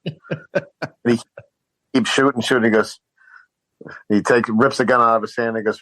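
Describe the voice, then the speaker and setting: A man's voice: mid-range voice, steady tone, normal speed, pushed and bright, no echo, rough recording. A man co-hosting a podcast, retelling movie scenes casually with many fillers. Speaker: podcast co-host.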